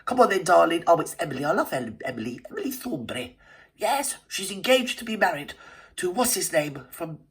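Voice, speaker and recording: A woman's voice: fairly low pitch, sing-song, fairly quick. A woman with a cold, hosting a reaction video in cheeky, gossipy casual commentary with many asides to her viewers. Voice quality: stuffy, cold-affected voice. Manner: chatty, cheeky and theatrical, with lots of asides to viewers. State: has a cold.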